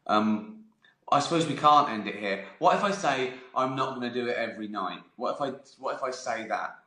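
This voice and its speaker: Animated and brisk, this fifty-something man speaks in a sharp, mid-range voice while running his own live stream. He wanders through anecdotes with plenty of laughter and unfiltered cursing in a loose storytelling chat, and the room gives off a noticeable echo.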